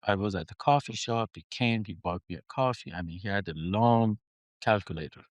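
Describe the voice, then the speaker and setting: A man with a fairly low voice tells a story to a podcast host, acting out the dialogue as he goes. His pitch swings widely as he voices each exchange. The sound is dry and close. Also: moderate pace, no room sound. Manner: animated storyteller who acts out dialogue. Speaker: mining company chief executive.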